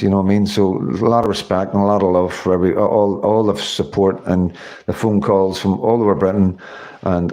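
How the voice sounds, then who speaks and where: A man's voice: low-pitched, mellow. A tired man, hosting a casual livestream sign-off and thanking viewers by name. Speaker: livestream host.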